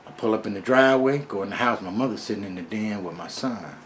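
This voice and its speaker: A man's voice: lowish voice, fast talker, a little hiss or hum. A middle-aged man casually telling a first-person story in a laid-back, streetwise way, with plenty of profanity.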